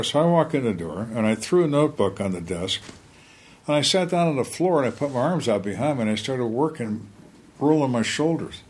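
An older man, a retired homicide detective, telling interrogation stories calmly and dryly and acting out suspects' lines. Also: fairly low pitch, slightly rough. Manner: calm, dry, acts out suspects' lines. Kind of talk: storytelling in interview.

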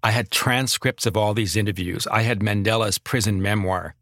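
A man narrating his own memoir as a podcast host, reflective and measured. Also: fairly low pitch, fairly bright tone, no room sound, studio quality.

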